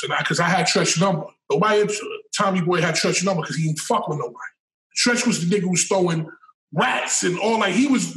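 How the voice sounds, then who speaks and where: High-voiced man telling a story, echoey room. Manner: animated, profane, repeats words when building up. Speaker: storyteller guest. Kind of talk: casual storytelling. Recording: roomy sound from a distant mic.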